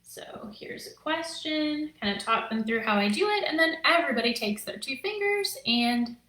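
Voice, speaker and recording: Her voice sits high, bright and forceful, with lively intonation at a moderate pace, as this teacher and curriculum creator in her thirties explains lessons to the camera. The casual teaching video is chatty and upbeat, full of fillers and "right?", and the rough recording is reverberant.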